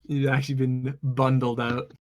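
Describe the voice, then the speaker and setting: A game master narrating a tabletop superhero game, with a halting, rambling delivery full of restarts. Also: mid-range voice, level tone.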